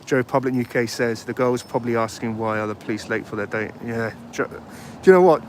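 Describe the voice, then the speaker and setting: With a medium-pitched, flat voice and a quick pace, a man hosts a casual outdoor livestream by a street. He chats and rambles while reading out comments from viewers, and faint street noise can be heard.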